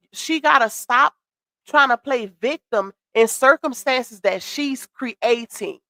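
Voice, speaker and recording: Congested woman, sassy live-stream host, slightly high voice, dry close sound. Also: pushed and bright, no echo. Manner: sassy, chatty, greets chat viewers. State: congested with a cold. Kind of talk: casual commentary live stream.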